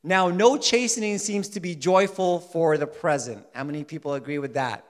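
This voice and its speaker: A man preaching a sermon in an animated way, swinging between loud emphasis and soft asides. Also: on the high side, normal speed. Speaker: pastor. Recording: long hall reverb.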